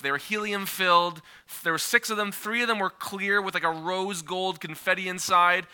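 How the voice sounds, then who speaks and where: Guy in his 30s preaching, chatty and animated, kinda high sharp voice. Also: smooth. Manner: conversational, animated, with frequent filler and restarts. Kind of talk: sermon with personal storytelling.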